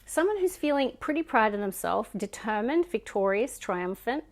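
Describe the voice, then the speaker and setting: A woman with a Scottish accent giving a casual tarot card reading, musing and chatty, sometimes dropping to soft murmurs. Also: fairly high pitch, big pitch swings, normal speed. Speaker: tarot reader.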